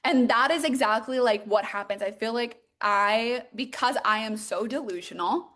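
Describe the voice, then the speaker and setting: A young woman coaching on a live stream, bubbly and excitable, peppering her talk with "like.". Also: a little high, moderate pace. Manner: bubbly and excitable, heavy use of "like". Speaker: manifestation and mindset coach.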